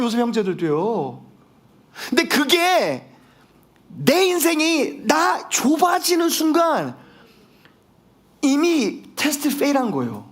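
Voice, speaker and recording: A man preaching a sermon as pastor, switching between English and Korean and growing fired up, rising to shouts for emphasis. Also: very high voice. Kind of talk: bilingual sermon.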